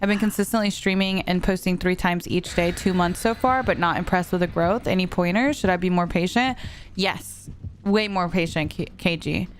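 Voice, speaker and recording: A young adult woman streaming a game, chatting casually and telling a story in an animated way, with lots of "like.". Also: on the low side, normal speed, slight background noise. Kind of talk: casual chat while gaming.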